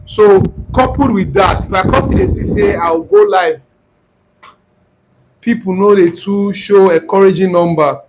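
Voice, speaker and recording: A man's voice: sits high, measured pace, darkish tone, rough recording. A man with a Nigerian accent, hosting a casual live-stream trading class and mixing Pidgin with English while teasing his viewers. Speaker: forex trading class host. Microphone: clip-on mic near the throat. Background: wind noise on the mic.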